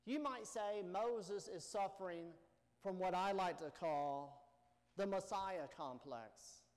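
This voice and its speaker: A man with a high voice preaches a slow, deliberate sermon. He leans on rhetorical questions and emphatic pauses. His voice rings with the long reverb of a church sanctuary. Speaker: pastor.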